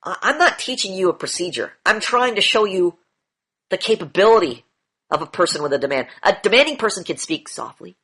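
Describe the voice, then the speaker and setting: A man's voice: high-pitched, expressive, a little fast, bright, forceful tone, breathy edge. A man coaching a group in an online session, lecturing bluntly, repeating key phrases and swearing now and then. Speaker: demand training coach.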